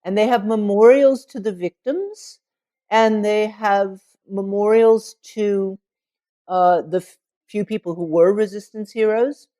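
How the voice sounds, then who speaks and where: A woman author speaks as an interview guest, explaining her ideas in a measured, thoughtful way. Her voice sits in a mid range. The recording is dry and close. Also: mid-range voice, dark tone, no room sound. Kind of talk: interview conversation.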